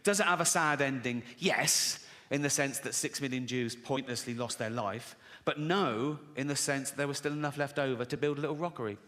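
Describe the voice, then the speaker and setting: A man's voice: mid-range voice, a little fast, few pauses, fairly bright tone, a little hiss or hum. A man doing crude, sardonic stand-up comedy on a live stage, often breaking into laughter. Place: live stage before an audience.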